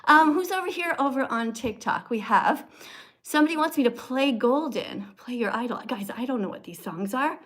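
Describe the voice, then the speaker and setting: High-pitched lady in her 60s chatting on a phone livestream, upbeat, laughs a lot. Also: lively intonation, normal speed, fairly bright tone. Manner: chatty, upbeat, laughs often, greets viewers by name. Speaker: livestream host. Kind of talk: casual livestream chat reading comments. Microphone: phone camera livestream.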